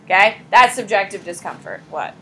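A pregnant woman teaching a high school psychology class in a casual, blunt lecture style, talking straight to her students. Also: expressive, normal speed, sharp tone, a little hiss or hum, poor audio.

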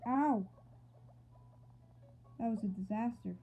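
A woman riffs her way through a game, joking around and feigning outrage at whatever happens on screen. Her voice sits on the high side with a slightly husky edge. The sound is thin and narrow, much like a phone line. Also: a little slow. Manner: playful, goofy asides and mock outrage. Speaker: gameplay commentator. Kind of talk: casual gameplay commentary.

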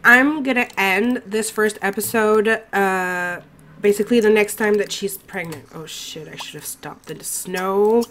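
Congested woman doing casual game commentary. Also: medium pitch. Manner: chatty, exasperated, swears and laughs often. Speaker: let's play host.

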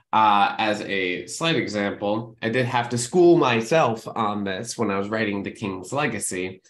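A man's voice: medium pitch, a bit bright. A man who writes musical theatre, giving an emphatic lesson to camera and often checking in with the viewer. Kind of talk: educational talk to camera. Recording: echoey room.

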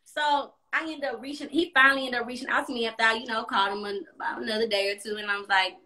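A woman's voice: fairly high pitch, steady tone, quick pace, sharp tone. A young woman livestreaming from her apartment, telling a personal story in a blunt, profane, chatty way. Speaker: live streamer. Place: apartment room at home.

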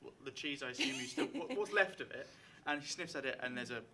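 Game master, male, live stage show, bright and hesitant, faint room sound. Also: medium pitch, lively intonation, quick pace, slight background noise. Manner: hesitant, many fillers, chatty. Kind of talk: narrating a live tabletop game. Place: live show before an audience.

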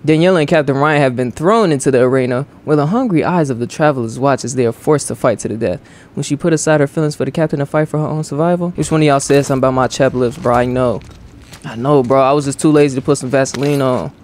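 A man's voice: mid-range voice, darkish tone, slight background noise. A young man doing let's play commentary as a gaming streamer, joking in profane banter with his viewers.

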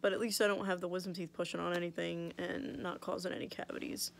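Young woman vlogger, gravelly, swears casually, chatty and candid, mouth swollen after surgery. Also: fairly low pitch, little pitch movement, quick pace, slight background noise. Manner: chatty, blunt, swears freely, lots of "like". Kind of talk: casual storytelling vlog.

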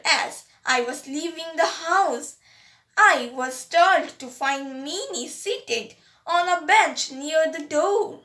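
A woman with an Indian English accent, reading a story aloud as an audiobook narrator, slow and careful, in a roomy, echoey recording. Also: very high voice, pushed and bright. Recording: roomy echo.

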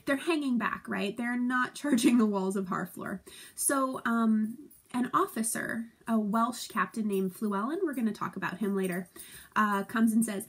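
A woman's voice: a little high, normal speed, breathy edge. A woman teacher giving a casual recorded lesson at home, chatty and playful, acting out quotes with giggles.

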